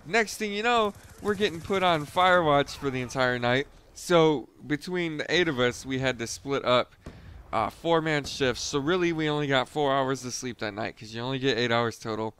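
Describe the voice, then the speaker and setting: A man's voice: medium pitch, normal speed, fairly bright tone, clean tone. A young man casually retelling a boot camp story, loose and profane, chuckling now and then. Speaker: storyteller, former Marine recruit.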